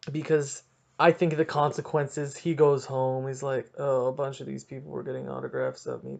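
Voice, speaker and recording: A man's voice: on the high side, steady tone, a little slow, vocal fry, a little mellow. A young Canadian man hosting a podcast, telling a story casually, mocking himself and acting out quotes dramatically. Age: young adult. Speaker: podcast host.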